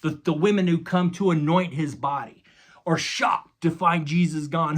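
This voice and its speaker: A man's voice: on the high side, fairly even intonation, normal speed. A man preaching a sermon, retelling a story dramatically with casual asides to his listeners. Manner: dramatic retelling with acted quotes and sound effects; casual, addresses listeners as guys. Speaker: pastor.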